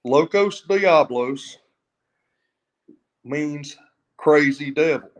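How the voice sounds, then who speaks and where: A man with a slightly raised voice tells long, rambling stories as a podcast guest, circling back and restarting his sentences as he goes. His tone stays conversational and unhurried. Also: a little high, lively intonation, low-quality recording. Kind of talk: casual storytelling.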